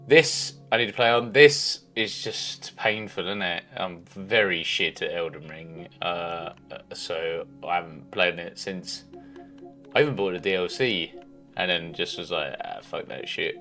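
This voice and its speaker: A man's voice: on the low side, pushed and bright. A man livestreaming a game, chatting casually in a rambling, sweary way at a home desk mic. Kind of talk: casual chat while gaming.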